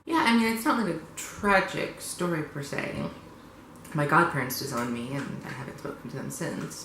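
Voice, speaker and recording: A young man vlogging casually and bluntly, sarcastic and quick to swear. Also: fairly high pitch, sing-song, echoey room, noisy background. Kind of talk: confessional casual vlog.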